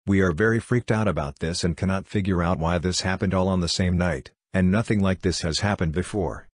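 A man reading a series of short ghost stories aloud in a steady, even storytelling delivery. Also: sits low, fairly quick, no room sound, studio quality. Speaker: narrator.

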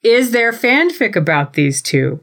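Female podcast host, animated and playful, casual recap chat. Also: fairly high pitch, a little slow. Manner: animated, giggly, playful storytelling. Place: home.

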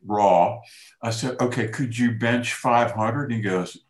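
Male host, animated anecdote teller who plays every part, mid voice, echoey room. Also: mid-range voice, unhurried. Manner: lively anecdote teller, acts out quoted dialogue. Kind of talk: casual storytelling chat.

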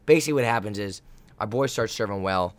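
Excitable young man telling a game story. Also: lowish voice, quick pace, no room sound. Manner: excitable, hype, laughs often, acts out his own yelling. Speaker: college volleyball player. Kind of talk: casual storytelling.

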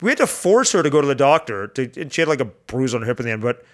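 A man chatting as a podcast guest, an animated storyteller whose voice jumps high when excited. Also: rapid-fire. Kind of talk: casual chat.

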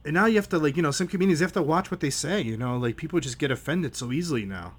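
A man's voice: fairly high pitch, expressive, very fast. A man hosting a casual podcast conversation, easygoing and agreeable, with lots of "like" and "yeah". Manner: easygoing, agreeable, many fillers. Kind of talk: casual chat.

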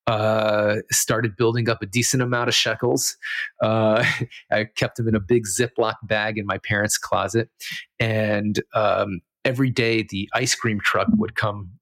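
A man with a low-pitched voice tells a story as a podcast guest. He meanders through it, correcting himself and filling the gaps with "like" and "uh". The recording is dry, with no room sound. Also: little pitch movement, measured pace, a bit bright, dry recording. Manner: rambling, self-correcting, full of fillers. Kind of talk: casual storytelling.

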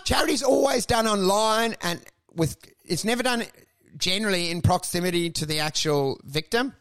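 A man's voice: sits high, animated, normal speed, fairly bright tone. A young man, a stand-up comedian co-hosting a podcast, telling crude stories full of swearing and mocking voices. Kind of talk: casual comedic chat.

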